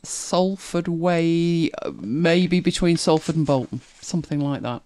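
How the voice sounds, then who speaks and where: Streamer, softened northern English accent, casual reaction chat, muses aloud, laughs often, mid pitch. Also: unhurried. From northern England.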